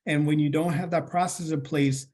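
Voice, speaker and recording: A man co-hosting a business podcast, explaining in a steady, plain-spoken way. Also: fairly high pitch, normal speed. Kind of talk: casual business podcast talk.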